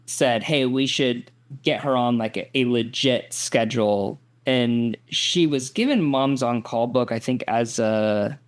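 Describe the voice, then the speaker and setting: A young man in relaxed podcast conversation. He speaks easily and stumbles over a word now and then. His voice sits at a middle pitch. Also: measured pace, hardly any pauses. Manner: easygoing, stumbles over words. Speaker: podcast co-host. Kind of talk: casual podcast chat.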